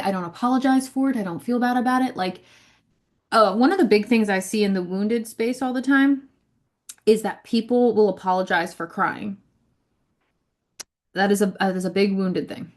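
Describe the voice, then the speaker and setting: A woman who leads a ministry, giving a casual spiritual teaching talk, chatty and repetitive, often checking in with "right?". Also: medium pitch. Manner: conversational, frequent "right?" and "like", repeats words. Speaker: ministry leader.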